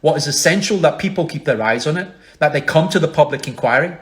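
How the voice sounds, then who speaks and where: A man, a human rights lawyer, giving an angry, forceful protest speech over a video call, building his points through repetition. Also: a little high, lively intonation, quick pace. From Scotland. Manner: forceful, rhetorical, repetitive emphasis. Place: home, online protest.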